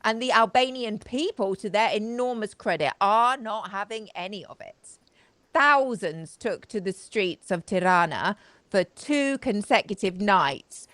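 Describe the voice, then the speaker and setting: Woman host, sarcastic live-stream commentary, dry close sound, mid pitch. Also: lively intonation, a little slow, fairly bright tone, no room sound. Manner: sarcastic, chatty, talks to her live audience. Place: home studio, live video.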